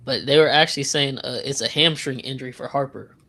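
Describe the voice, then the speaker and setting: A man's voice: mid-range voice, a little fast. Man reacting bluntly to a live game. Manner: blunt, swearing, excitable play-by-play reactions. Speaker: podcast co-host.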